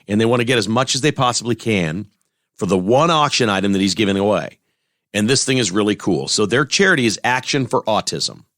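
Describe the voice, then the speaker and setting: Blunt talk host, dry sound. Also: male voice, on the low side, a bit bright, dry recording. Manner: blunt, conversational, repeats points for emphasis. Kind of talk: opinionated talk radio monologue.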